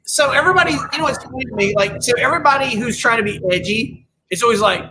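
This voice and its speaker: A man's voice: very high-pitched, lively intonation, quick pace, pushed and bright, a little hiss or hum, poor audio. A man co-hosting a podcast in casual chat, opinionated and rambling, often restarting his sentences. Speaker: podcast co-host.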